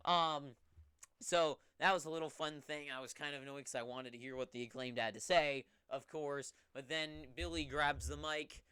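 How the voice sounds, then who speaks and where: Young male host for a loose solo recap; rambles offhand, breaks into excited bursts, voice bright and clear. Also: a little high, moderate pace, dry recording, studio quality.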